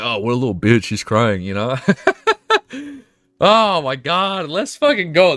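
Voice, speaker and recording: A male streamer reads a novel aloud on a live stream and breaks into excitable, swearing reactions. His pitch moves a lot, and faint music plays in the background. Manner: excitable, swearing, laughing outbursts.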